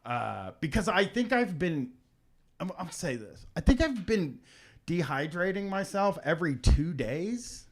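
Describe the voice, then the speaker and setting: A man's voice: high-pitched, big pitch swings. A man hosting a casual radio talk show, rambling and stopping short to restart his sentences. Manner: rambling, halting, full of restarts. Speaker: podcast host.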